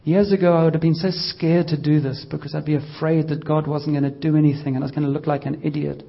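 A man leading a casual church healing session, gently coaxing and joking with the congregation. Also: on the high side, flat delivery, fast talker, vocal fry, dull audio. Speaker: pastor leading healing prayer.

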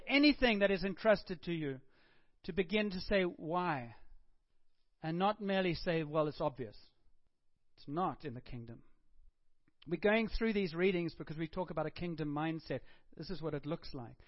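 A man preaching a sermon, dropping to a hush and then rising to emphatic, acted-out quotes. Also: high-pitched, dry recording. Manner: swings between hushed and emphatic, acts out quotes. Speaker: pastor. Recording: muffled dull recording.

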